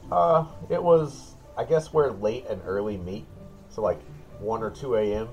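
A man's voice: fairly low pitch, unhurried, a little mellow, faint music behind, poor audio. A man narrating as game master in a loose, chatty way, full of casual asides. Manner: loose and chatty, lots of "like" and "kinda".

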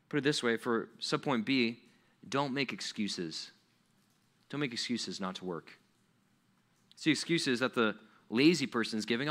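A man giving a lively, joking sermon to young people, acting out little scenes. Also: medium pitch, moderate pace, pauses often.

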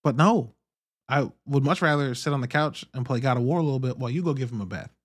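A man in his thirties hosting a podcast, talking in a candid, profane, animated monologue. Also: medium pitch, very fast, slightly rough. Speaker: podcast host. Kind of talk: casual monologue.

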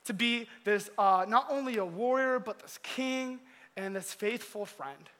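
A man preaches in a relaxed, slangy storytelling manner. His voice is high and bright, and it rings out with a long hall reverb. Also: a little slow. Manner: animated, slangy. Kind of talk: casual storytelling sermon.

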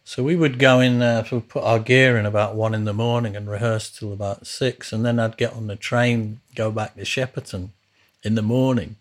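In a fairly low, steady voice at normal speed, a podcast host shares casual memories of his early life as a musician. The telling wanders, and he keeps restarting.

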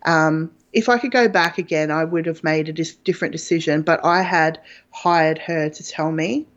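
A woman's voice: low-pitched, normal speed. A woman guest telling a personal story in a frank, chatty way, with plenty of fillers. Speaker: interview guest. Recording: dull lo-fi audio.

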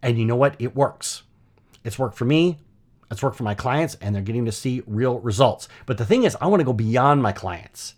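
A middle-aged man hosting his own podcast, telling a personal story in a chatty, animated way with lots of asides. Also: mid-range voice, normal speed. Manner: conversational, animated storytelling with frequent "you know" and "right?". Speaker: podcast host.

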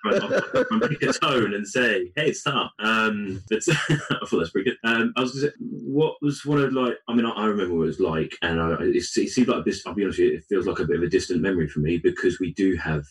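A man's voice: sits low, fast talker, few pauses. A man working as a divorce coach, rambling with self-deprecating humour and frequent restarts in a casual podcast chat. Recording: voice a bit distant from the mic.

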